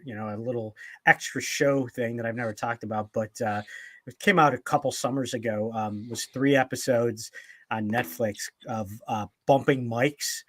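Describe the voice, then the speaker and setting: A man co-hosting a podcast, chatting casually with many fillers and getting animated when he tells comedy stories. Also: medium pitch, normal speed, no echo. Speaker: podcast co-host. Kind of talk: casual chat.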